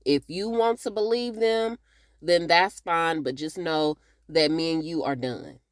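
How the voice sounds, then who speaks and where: A woman's voice: low voice, a little slow, no room sound, clean studio sound. A woman voicing a fed-up young woman who firmly and wearily ends a relationship.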